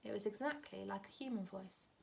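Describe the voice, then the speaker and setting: A woman teacher reading a novel aloud to her class in a steady, measured way. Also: mid-range voice, creaky, distant mic.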